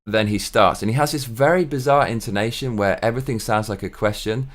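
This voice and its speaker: A man with a somewhat low voice, chatting to camera in a loose, rambling monologue. He bounces from thought to thought with excitable bursts and casual swearing, recorded at home. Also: brisk. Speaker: vlog host.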